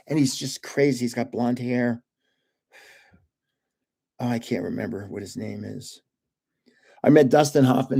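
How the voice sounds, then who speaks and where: A man's voice: mid-range voice, gravelly, dark tone. An older man hosting a live stream, telling rambling stories in a chatty way and laughing often. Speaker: host of a live card-opening stream.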